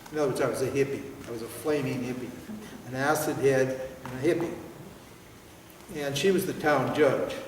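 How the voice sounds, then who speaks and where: A man's voice: medium pitch, recorded from a distance, slight background noise. Older man teaching in an echoey hall. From United States. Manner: animated storytelling, laughing, swearing. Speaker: spiritual teacher. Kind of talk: seminar talk. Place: large hall with audience.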